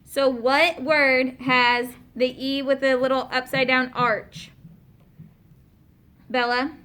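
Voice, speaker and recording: A woman teaching a class of young students, patiently asking questions and slowing down to spell out and explain words. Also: high-pitched, little pitch movement, sharp tone, clear, resonant tone.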